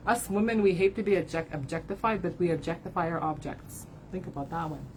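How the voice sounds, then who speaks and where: This low-quality recording, with a little hiss or hum, captures a woman with a lowish voice speaking a little fast. A card reader and spiritual advisor, she does an emotional livestream reading for followers, talking openly, swearing, tacking "right?" onto sentences, and getting tearful at times.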